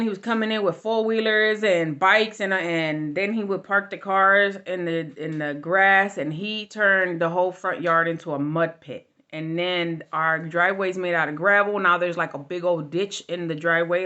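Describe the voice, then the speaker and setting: A woman's voice: fairly low pitch, pushed and bright, lo-fi sound. A middle-aged woman telling a candid storytime vlog in a blunt, casual way with plenty of swearing. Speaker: vlogger.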